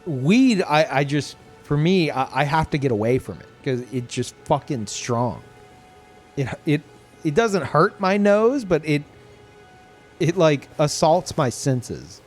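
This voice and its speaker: A man's voice: fairly high pitch, animated, slow, soft background music. A man from Louisiana chatting casually on a live stream, rambling and swearing, with many restarts.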